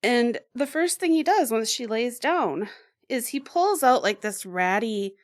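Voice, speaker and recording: Animated woman telling a funny story. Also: a little high, a little slow. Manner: animated storyteller, laughs often, acts out voices. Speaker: podcast co-host. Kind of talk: casual storytelling chat.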